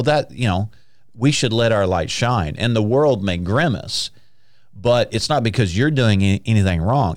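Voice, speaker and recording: Deep-voiced man hosting a faith podcast. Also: dry recording, clean studio sound. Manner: lively, laughing, peppered with praise exclamations. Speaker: podcast host. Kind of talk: casual Christian podcast chat. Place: studio.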